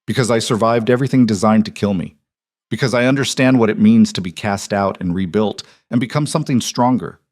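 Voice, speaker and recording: A man's voice: on the low side, fairly quick, a little mellow, dry recording, clean studio sound, lightly acted. A man voicing a defiant young woman, a cast-out wolf queen, who speaks in a cool, level, unyielding way. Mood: steely.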